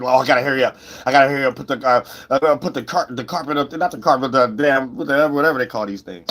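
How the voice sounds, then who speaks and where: A man giving a rambling, profane livestream tarot reading, with sudden shouts and wild swings. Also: mid-range voice, slight background noise. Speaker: tarot reader.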